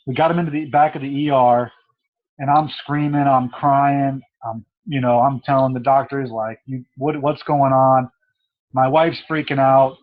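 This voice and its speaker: A young man recounts a hard personal story in a halting way, restarting his sentences. His voice catches with emotion, and he speaks at an average pitch. The recording sounds a little dull and lo-fi. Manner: halting, with many restarts and fillers, voice cracking with emotion. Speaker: guest telling his story. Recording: dull lo-fi audio.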